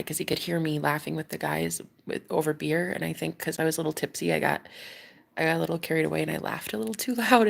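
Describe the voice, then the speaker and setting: A woman's voice: lowish voice, vocal fry. A woman with a Welsh accent, a love coach talking openly in a rambling confessional monologue, full of restarts and laughs. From Wales.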